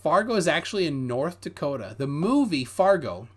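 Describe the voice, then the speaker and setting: A man's voice: fairly high pitch, very animated, normal speed. A man from Minnesota, hosting a casual live stream and reading viewer comments aloud. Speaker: host reading chat.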